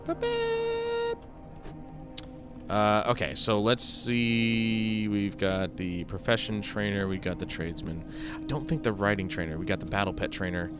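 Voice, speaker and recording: A man giving casual, rambling gameplay commentary, thinking aloud and poking fun at himself. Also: deep voice. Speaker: gaming video host.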